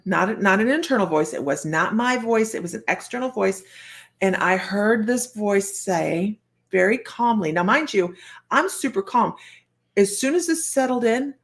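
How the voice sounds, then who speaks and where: An older woman, a psychic medium, telling a personal story in a chatty, animated way with frequent laughter. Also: lowish voice, vocal fry. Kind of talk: storytelling monologue.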